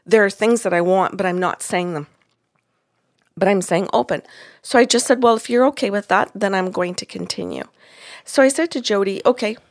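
A woman's voice: lowish voice, no echo, clean studio sound. A woman who works as a psychic medium, telling a story in conversation and acting out the dialogue. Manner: retells events with quoted dialogue.

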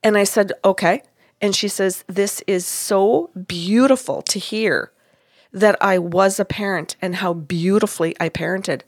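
A woman's voice: medium pitch, a little slow, no room sound, studio quality. A woman hosting a podcast, chatting casually as she retells a reading and acts out the dialogue. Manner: animated, acts out quoted dialogue. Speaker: podcast host and psychic reader. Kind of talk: casual storytelling chat.

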